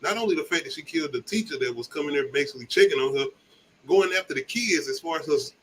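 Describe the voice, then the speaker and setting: A man's voice: on the high side, animated, fast talker, fairly bright tone, a little hiss or hum. A man from the American South co-hosting a movie review, talking in loose, profane, laughing banter. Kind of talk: casual chat.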